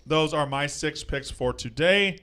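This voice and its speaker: A man's voice: on the high side, pushed and bright, clean tone. Joking man rattling off betting picks. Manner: brisk, joking, runs through picks. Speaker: sports betting show host. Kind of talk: casual sports betting chat.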